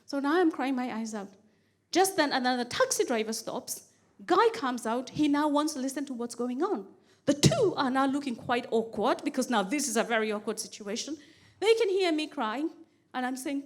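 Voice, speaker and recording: A woman comedian doing stand-up, telling a story with animated delivery and comic repetition. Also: high voice, brisk. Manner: animated storyteller, repeats phrases for comic rhythm.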